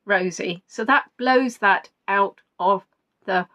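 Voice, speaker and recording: A woman's voice: medium pitch, slow pace, bright, forceful tone, dull audio. A woman hosting a live-streamed quiz from home, rambling playfully, reading out viewers' answers and making joking asides.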